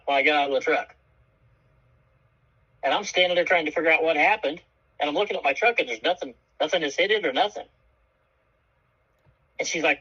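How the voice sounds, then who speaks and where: A man's voice: fairly high pitch, quick pace, pauses often, husky, highs cut off. A man co-hosting a radio show, telling a story in a casual, profane way and acting out the voices of the people in it. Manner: animated, profane, acts out quoted voices.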